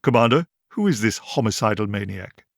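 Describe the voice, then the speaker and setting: A man voicing a calm, self-assured eccentric time traveller in an audiobook, brisk and authoritative. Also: fairly low pitch, dry recording, clean studio sound.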